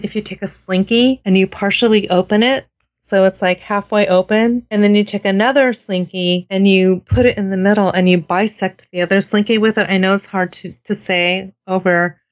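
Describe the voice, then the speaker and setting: A woman's voice: mid-range voice, muffled recording. A woman guest telling a story in a rambling way, often restarting her sentences, over a Skype call. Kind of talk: casual storytelling.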